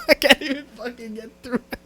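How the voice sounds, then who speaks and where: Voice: mid-range voice, fairly even intonation, sharp tone. A podcast co-host chatting over a video call, teasing and laughing between lines. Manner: laughing, teasing, quick to break up. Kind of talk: casual chat.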